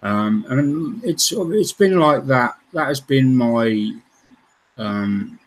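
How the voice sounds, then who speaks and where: On a rough recording, a man with a mid-range voice, lively intonation and drawn-out words hosts a scale modelling livestream. He tells stories from his past in a rambling, hesitant way, full of ums and restarts.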